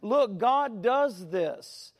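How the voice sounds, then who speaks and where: A man's voice: extremely high pitch, expressive, extremely slow, in a large hall. A man preaching a sermon in a folksy, storytelling way, drawing out key words. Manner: folksy, tells stories, stretches key words.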